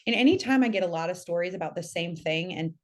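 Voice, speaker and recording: A woman's voice: on the low side, fast talker. A woman guest telling a spooky personal story in casual conversation, chatty with lots of fillers. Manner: animated storytelling with many fillers. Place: lives in Tennessee.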